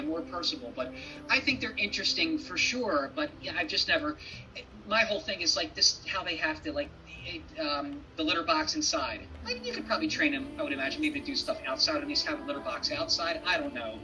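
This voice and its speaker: Male guest, halting and hesitant, set back from the mic over clear music. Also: fairly high pitch, expressive, far from the mic, poor audio. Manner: hesitant, halting, with many restarts. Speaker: podcast guest. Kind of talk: casual conversation.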